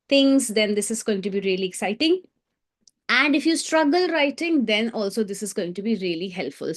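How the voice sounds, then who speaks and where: Encouraging woman teaching a class. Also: fairly high pitch. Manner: encouraging, asks the viewers many questions. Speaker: creative writing teacher. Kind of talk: live online class for children.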